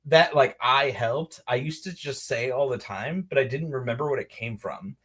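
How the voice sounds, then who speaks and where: A young man co-hosting a casual podcast chat, laughing often and quoting movie lines in a squeaky put-on voice. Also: moderate pace, a bit bright, husky. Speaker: podcast co-host.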